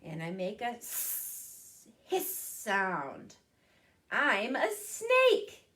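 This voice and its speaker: A woman voicing a long, legless snake, speaking lower and quietly with a hiss. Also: huge pitch swings, very slow, full character voice. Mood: sly.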